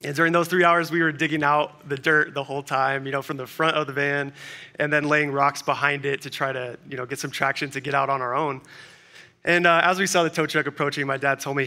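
A man's voice: fairly high pitch, steady tone, brisk, bright, forceful tone. A young adult man preaching a sermon, easygoing and conversational, telling a personal story before reading scripture. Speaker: pastor.

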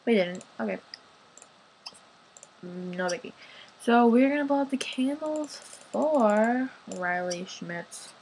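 A woman's voice: fairly high pitch, lively intonation, slow pace, long pauses, a little mellow, slight background noise, poor audio. A young woman casually commenting on her life-sim gameplay in a chatty, playful way. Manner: chatty, playful, sighing over game moments. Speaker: gaming channel host.

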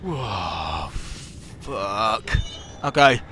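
A man's voice: on the low side, very animated, drawn-out words, pushed and bright, slight background noise. A man commentating a horror game, swearing a lot, jumpy, and talking back to the characters on screen. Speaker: gamer.

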